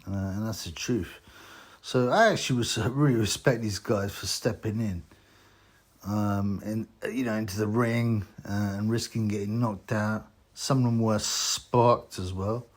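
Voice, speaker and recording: A man vlogging about boxing in a casual, rambling way, slightly drunk and slow, with many fillers. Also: on the low side, steady tone. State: tipsy from drinking.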